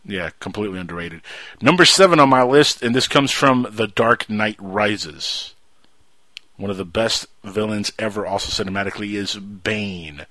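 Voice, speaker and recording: A man's voice: normal speed, bright, forceful tone, no echo. A man hosting a casual movie talk show, enthusiastic and fond of reciting film quotes. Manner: enthusiastic, acts out film quotes with rising pitch. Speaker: podcast host.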